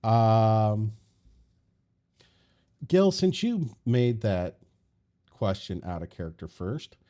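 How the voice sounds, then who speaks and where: A man narrating a tabletop game as game master, playful and unhurried. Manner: slow, playful narration with lively pitch.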